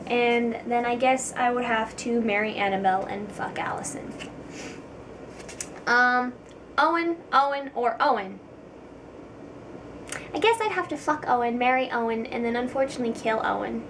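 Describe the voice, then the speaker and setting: A young woman chats casually to camera in a giggly, self-deprecating way, dropping plenty of ums. Her voice sits a little higher than average. She is some distance from the mic, and faint background noise hangs under the recording. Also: normal speed. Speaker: vlogger.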